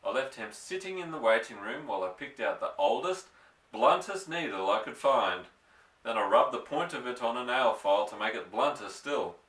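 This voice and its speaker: Brief: fiery little old country doctor, indignant and excitable, bright tense voice, read by a man, echoey room off-mic. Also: normal speed, distant mic, lightly acted. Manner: indignant, excitable, raised higher voice. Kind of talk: storybook reading aloud.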